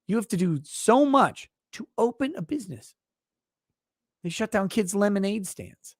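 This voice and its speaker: A man's voice: high-pitched, expressive, moderate pace, dry recording, studio quality. A man hosting a live stream, ranting sarcastically with plenty of profanity and rambling asides. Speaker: host.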